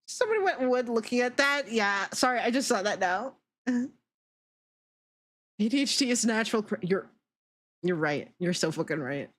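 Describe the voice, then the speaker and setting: A young adult woman hosts a laid-back live stream, riffing with chat and reading out messages. She giggles often and swears freely, her voice relaxed and playful. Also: fairly high pitch, normal speed, pauses often. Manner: giggly, profane, reacting to chat.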